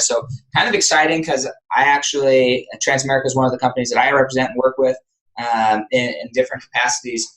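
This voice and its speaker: A man's voice: medium pitch, a bit bright, low-quality recording. Upbeat male podcast host. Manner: upbeat and grateful. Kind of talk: casual interview introduction.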